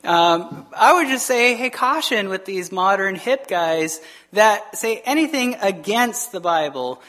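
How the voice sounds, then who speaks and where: Animated male pastor preaching. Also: high voice. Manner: animated, digressive, acts out quoted voices; frequent fillers and quick asides. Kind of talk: sermon.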